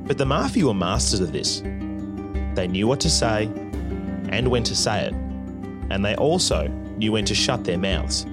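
A man's voice: fairly low pitch, big pitch swings, moderate pace, pauses often. Male narrator over guitar music. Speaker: documentary narrator. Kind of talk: scripted narration.

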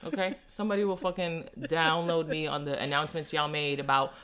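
Young woman, New York accent, emphatic and profane, bright tone. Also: sits low, a little fast, clear, resonant tone. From New York City. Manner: profane, emphatic, animated storyteller. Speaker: podcast host. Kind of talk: casual chat.

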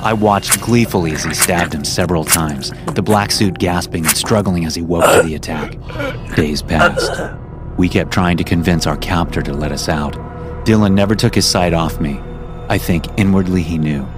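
A man narrating a first-person horror story for a podcast, reading it as a script and lifting his voice for the quoted lines. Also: normal speed. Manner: acts out quoted lines louder and higher. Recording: music playing under the voice.

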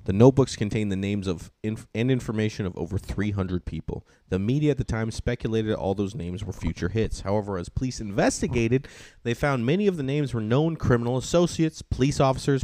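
Low-voiced man reading a crime story. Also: mellow, no room sound. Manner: reads notes steadily, then trades banter. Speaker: comedian and podcast host.

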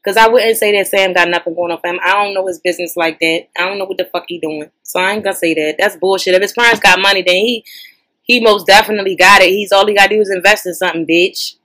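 A woman's voice: medium pitch, fast. Sassy, profane woman riffing on gossip. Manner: sassy, profane, animated slang-heavy commentary. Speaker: podcast host reacting to social media. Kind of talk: casual reaction commentary.

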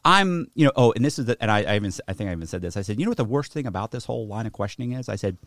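Man, podcast guest, storytelling, lively swooping pitch, acts out dialogue, swears, dry close mic. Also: racing, no room sound.

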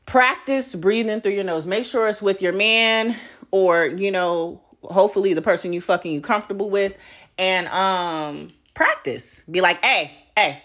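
A woman's voice: mid-range voice, normal speed. A woman hosting a casual podcast monologue, blunt and profane, laughing often as she talks. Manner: animated, swooping delivery. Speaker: podcast host.

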